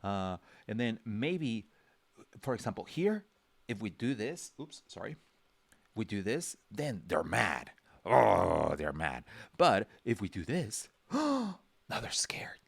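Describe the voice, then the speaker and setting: Teaching a drawing lesson live, a man talks slowly in a fairly low, sing-song voice with vocal fry and no echo. He rambles through fillers and restarts, acting out little character reactions in small voices.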